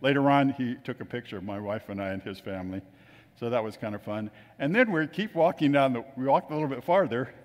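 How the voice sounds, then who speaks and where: With a mid-range voice, lively intonation, and a quick pace, a man shares casual stories with a group and mimics the people he quotes. The hall gives the recording a long reverb.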